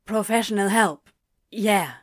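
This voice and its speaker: A woman's voice: mid-range voice, slow pace. Woman voicing a blunt, weary male demon. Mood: exasperated. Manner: louder, clipped and theatrical.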